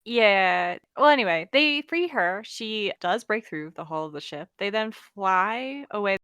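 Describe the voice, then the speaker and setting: A woman's voice: mid-range voice, expressive, measured pace, a bit bright, clear, resonant tone, dry recording, studio quality. A woman co-hosting a podcast, recapping a book's plot in a chatty, casual way with frequent laughs. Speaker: podcast co-host. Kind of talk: casual book discussion.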